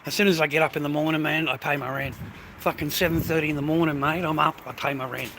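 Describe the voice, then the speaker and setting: A man's voice: a little high, fairly even intonation, fast talker. Profane rambling Australian man on noisy street. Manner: profane, rambling, addresses viewer as mate. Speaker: vlogger. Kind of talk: casual ranting vlog. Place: outdoors on streets and in shops. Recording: noisy street recording with traffic.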